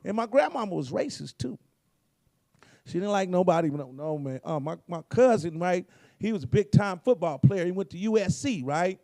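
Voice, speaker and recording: Hoarse, gravelly man telling profane stories. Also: sits high, expressive, normal speed, darkish tone, no echo. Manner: profane, laid-back storytelling, acts out quotes. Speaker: guest comedian. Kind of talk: storytelling comedy.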